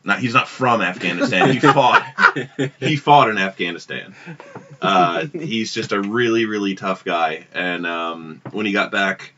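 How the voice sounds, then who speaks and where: A man's voice: lowish voice, animated, unhurried, noisy background. A man co-hosting a casual podcast, telling a long story in a rambling way with frequent restarts. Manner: rambling, self-interrupting storyteller. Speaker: podcast co-host. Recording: dull lo-fi podcast audio.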